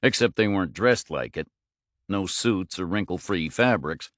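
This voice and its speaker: A man narrating an audiobook in measured, clipped phrases. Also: low-pitched, animated, fairly bright tone, no room sound, studio quality.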